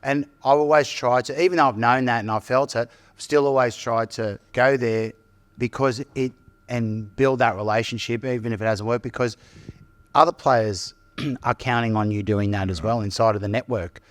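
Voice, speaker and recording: A man's voice: mid-range voice, fairly even intonation, moderate pace, no room sound. Male rugby coach in his fifties, interview guest, earnest and reflective, dry close recording. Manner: earnest and reflective, restarts his sentences, drops in "mate". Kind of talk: casual interview chat.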